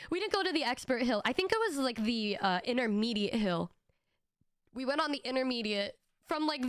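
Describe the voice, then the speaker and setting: High-voiced woman telling a story. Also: no room sound, clean studio sound. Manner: animated, laughing, swearing, stammering restarts. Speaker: VTuber streamer. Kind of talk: casual storytelling.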